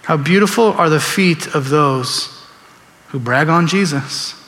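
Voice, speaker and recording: A man's voice: on the high side, measured pace, fairly bright tone, in a large hall. A man preaching a sermon in a church, conversational and storytelling, acting out quoted voices. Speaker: pastor. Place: church sanctuary.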